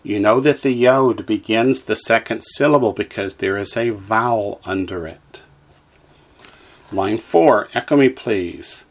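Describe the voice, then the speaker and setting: A man's voice: on the low side, slow. A man teaching a language lesson, carefully enunciating syllables for the listener to repeat and explaining each exercise. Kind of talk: slow drill-style lesson reading.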